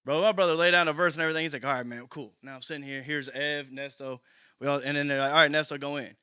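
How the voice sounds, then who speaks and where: A man chats on a podcast, spinning animated stories and laughing through the quotes he acts out. His voice sits a little high and sounds bright and forceful. The sound is dry and close. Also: fast, clean tone, no echo. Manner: animated storyteller, laughs while quoting others. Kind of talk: casual chat.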